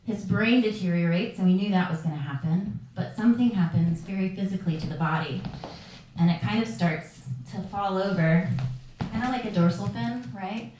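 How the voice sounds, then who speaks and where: A woman's voice: mid-range voice, moderate pace, a little mellow, a little hiss or hum. A woman telling a personal story live on stage, candid and darkly funny. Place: live performance venue. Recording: very echoey room from far off.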